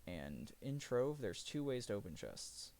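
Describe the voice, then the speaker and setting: A man's voice: medium pitch, big pitch swings, a little slow, darkish tone. A man streaming live, chatting casually and rambling about a video game, often correcting himself mid-sentence. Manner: rambling, self-correcting gamer talk. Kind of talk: casual livestream chat.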